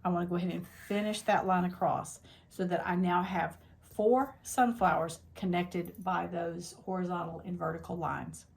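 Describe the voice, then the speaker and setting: A woman's voice: lowish voice, gravelly, a little hiss or hum. A woman teaching a quilting tutorial, talking step by step through what she is doing in a plain, practical way, thinking aloud as she goes. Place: quilting workspace at a longarm machine.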